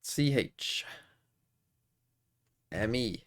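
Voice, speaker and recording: During a live stream of geography quiz games, a young man mumbles and swears through his guesses in casual commentary. His mid-range voice is expressive and a bit bright, and he talks very slowly.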